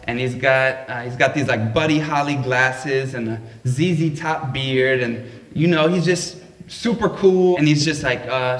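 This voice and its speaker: A man's voice: medium pitch, unhurried, distant mic, slight background noise. A man telling a comedic story on stage at a live event, wry and self-deprecating. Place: live event at a public library. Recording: echoey live room.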